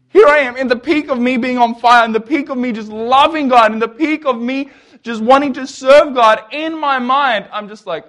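Animated high-voiced young man telling a testimony. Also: normal speed. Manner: animated, jokey storytelling, acts out quotes. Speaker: speaker. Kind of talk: testimony talk to an audience.

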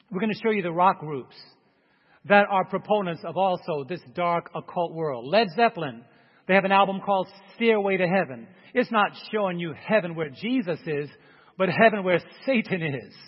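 A man preaching a sermon, calling for amens from the congregation and swinging from emphatic peaks to a quiet prayer. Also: sits high, animated, moderate pace, breathy edge, long reverb tail, highs cut off. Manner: call-and-response, rising to emphatic peaks then praying softly.

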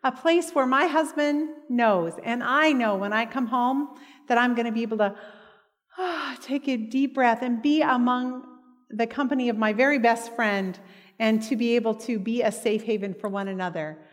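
A woman's voice: a little high, moderate pace, long reverb tail. A woman giving a heartfelt preaching talk and telling personal stories. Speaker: speaker at a church meeting.

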